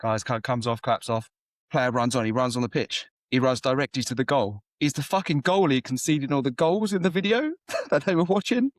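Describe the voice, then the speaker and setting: A man chats on a casual podcast and keeps breaking into laughter as he rambles through a story. His voice sits in a middle pitch. It sounds close and dry. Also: fairly quick, no room sound. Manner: laughs often, rambling storyteller who acts out quotes. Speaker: podcast co-host. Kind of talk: casual chat, retelling comedy scenes.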